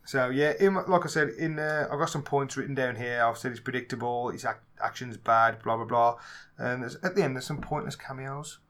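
A man with a Black Country accent, co-hosting a casual movie podcast, talking in a lively way, swearing freely and acting out scenes in raised voices. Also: mid-range voice, brisk. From England. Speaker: podcast co-host. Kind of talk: casual movie review chat.

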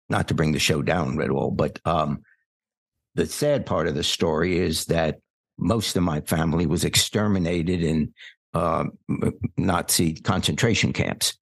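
An older man, a podcast guest born in England, telling long stories in a relaxed, wry conversational way. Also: deep voice, a little slow, husky. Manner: relaxed anecdotal storyteller, wry asides. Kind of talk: storytelling in conversation.

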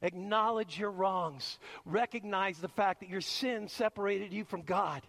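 A man's voice: high-pitched, unhurried, creaky, a bit bright. A man preaching a sermon as pastor, emphatic and acting out the voices he quotes. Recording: long reverb of a large hall.

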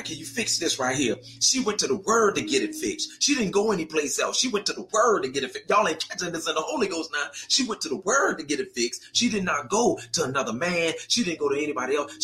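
A man preaching a sermon, calling out to his congregation and pushing them to answer back. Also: bright, forceful tone. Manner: preaching, calls out to the congregation, rising pitch.

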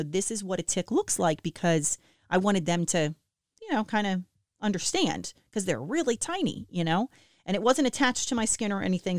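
A woman in her thirties chatting casually and self-deprecatingly to listeners about family life, with lively swings in her voice. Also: lowish voice, no echo, clean studio sound. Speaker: mom sharing family updates with listeners. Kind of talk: casual chat.

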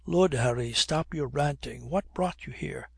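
A man's voice: medium pitch, measured pace, vocal fry, husky, no echo, clean studio sound. A man voicing a blustering, scolding older army colonel in a storybook reading. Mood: angry.

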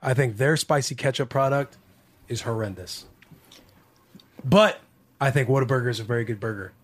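A man co-hosting a casual chat, describing things with drawn-out enthusiasm and slang. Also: mid-range voice. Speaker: podcast co-host.

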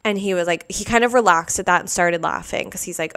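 A woman telling a personal story in a casual, animated way, full of "like" fillers, as a podcast host. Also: lowish voice, brisk, few pauses, clear, resonant tone.

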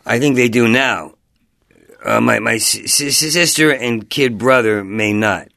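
Middle-aged New comic, gravelly and dry, stammers through rambling stories. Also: male voice, medium pitch, a little slow, bright, forceful tone, no room sound. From New Jersey. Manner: heavy stutter, rambling and self-interrupting. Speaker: guest comedian. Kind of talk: casual interview chat.

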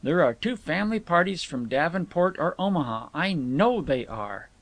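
Moody young woman, bossy and fretful, pitched up high and gravelly, the way a guy reading a book puts her on. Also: expressive, normal speed, fairly bright tone, dry recording. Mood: scornful. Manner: haughty and fretful, scolding. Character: moody, petulant young woman, tired traveler.

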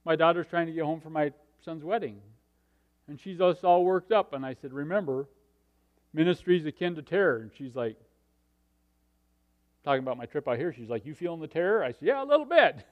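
A middle-aged man preaching a sermon, telling a personal story and swinging from hushed asides to loud, excited passages. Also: a little high, fairly quick, pauses often, phone-quality sound.

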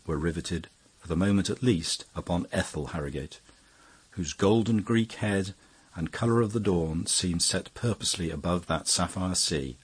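Deep husky male audiobook narrator. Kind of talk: scripted narration.

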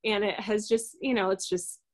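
A woman's voice: mid-range voice, steady tone, normal speed. A woman guest telling a personal story in a casual, rambling, hesitant way, full of fillers.

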